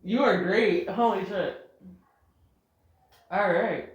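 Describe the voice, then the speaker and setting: A woman's voice: mid-range voice, slow pace, recorded from a distance, muffled recording. A woman reacting as a chiropractic patient, exclaiming and laughing between her words in a clinic treatment room. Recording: echoey room.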